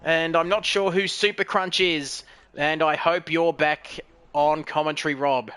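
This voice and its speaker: A man's voice: fairly high pitch, fairly even intonation, a little slow, bright, forceful tone, clean tone. A man commentating an online sim race, jokey and rambling, poking fun at himself. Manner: jokey, rambling, self-mocking. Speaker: lead commentator.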